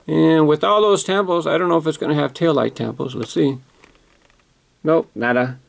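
Gravelly-voiced man chatting about collectibles. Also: fairly high pitch, normal speed, slight background noise. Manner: chatty, self-correcting, enthusiastic about details. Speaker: toy car collector vlogger. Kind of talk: casual unboxing commentary.

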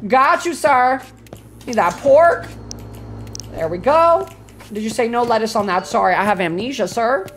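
A woman streamer giving live gameplay commentary, profane and excitable, ranting loudly and then muttering to herself. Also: a little high, measured pace, long pauses, a little hiss or hum.

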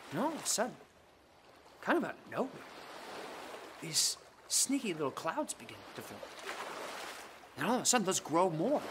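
Against a noisy background, a children's ministry leader with a fairly low-pitched voice tells kids a Bible story. Her animated delivery is playful and dramatic, packed with slang and jokes.

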